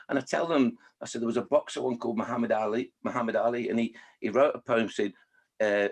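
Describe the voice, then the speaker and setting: A man's voice: medium pitch, expressive, fairly quick, breathy edge. A man who writes children's poems, chatting in a jokey, rambling way in a video-call interview. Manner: jokey, chatty, restarts a lot. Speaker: children's poet.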